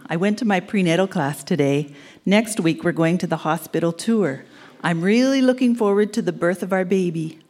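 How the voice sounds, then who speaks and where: An older woman with a lowish voice reads her decades-old love letters to a live crowd, teasing and laughing as she goes. A faint hiss sits under the stage recording. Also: moderate pace. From Canada. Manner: warm, teasing, laughing through the lines. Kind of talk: reading letters aloud on stage. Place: live event centre stage.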